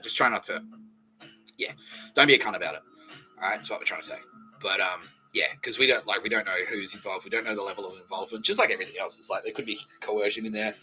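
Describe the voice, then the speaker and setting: A man's voice: fairly low pitch, bright, forceful tone, rough recording. Profane, rambling man riffing. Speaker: podcast host. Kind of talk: rambling comedic monologue. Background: faint background music.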